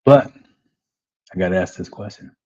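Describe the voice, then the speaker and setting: A low-pitched man with a dark tone and moderate pace gives a motivational webinar talk as a life coach, live. He keeps saying "man" and asking "right?" repetitively, and the recording is dull lo-fi audio.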